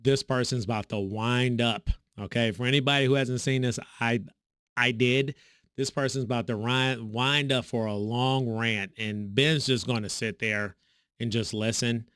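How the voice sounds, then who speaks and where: A man hosting a reaction video, talking sarcastically and mockingly, with sudden high swoops in his voice. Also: normal speed, clear, resonant tone, no room sound, clean studio sound. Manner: sarcastic, mocking, animated pitch swings. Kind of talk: reaction commentary.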